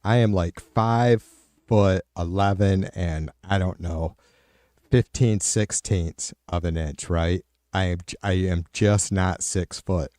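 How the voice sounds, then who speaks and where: A man's voice: deep voice, takes it slowly, warm tone, dry recording, clean studio sound. A middle-aged man hosting a livestream, chatting casually with viewers and answering their comments aloud in a profane, rambling way. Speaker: livestream host.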